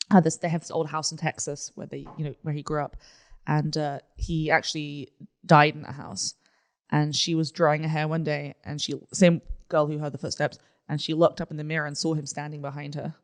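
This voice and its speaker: A woman co-hosting a comedy podcast, chatting casually and often answering her partner with "mm-hmm". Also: low-pitched. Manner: chatty, backs the other host with "mm-hmm". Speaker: podcast co-host. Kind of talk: casual chat.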